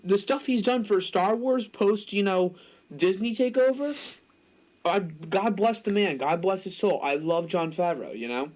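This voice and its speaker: A man's voice: sits high, measured pace, darkish tone, rough recording. A young man co-hosting a podcast in casual chat, talkative and opinionated, hedging with fillers. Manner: talkative, opinionated, hedges with "like" and "I mean". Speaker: podcast co-host.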